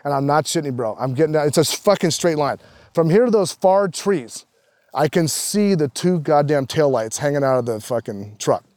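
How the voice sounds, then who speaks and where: A man, a professional golfer, guesting on a casual podcast, telling animated, profanity-laced stories. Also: fairly high pitch, normal speed, no room sound, clean studio sound.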